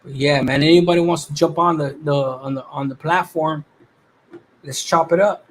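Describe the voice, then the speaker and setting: A young man with a high voice hosts a loose, casual livestream. His talk is laid-back and full of slang, and laughter keeps breaking in between his stories. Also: steady tone, normal speed. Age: 20s. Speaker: livestream host.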